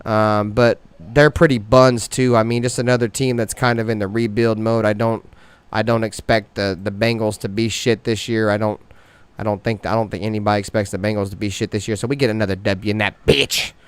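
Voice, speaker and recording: A man hosting a fan sports show talks a little fast in a smooth, steady tone with no echo. His swaggering, heavily profane trash talk is full of slang and turns loud and high-pitched when he gets worked up.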